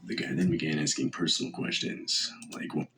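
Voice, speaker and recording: Very deep-voiced male narrator. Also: fairly even intonation, fairly quick, sharp tone, slight background noise, low-quality recording. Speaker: horror story narrator. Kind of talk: scripted narration.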